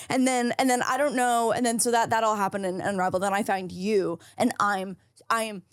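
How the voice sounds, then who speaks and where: A young woman co-hosting a podcast, telling a story in casual chat, full of "like" and quoting people in a high, put-on voice. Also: a little fast. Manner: animated, lots of "like", quotes people in a high put-on voice. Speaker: podcast co-host.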